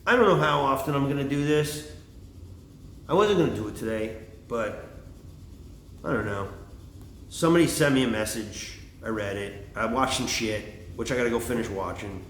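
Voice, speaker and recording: A man's voice: mid-range voice, moderate pace, long pauses, fairly bright tone. A man talks in a loose, rambling monologue, swearing freely and circling back on his own thoughts. His voice sits in a middle register. The room around him is roomy and echoey, with a faint hum of ambience. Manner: rambling, profane, lots of fillers. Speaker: vlogger.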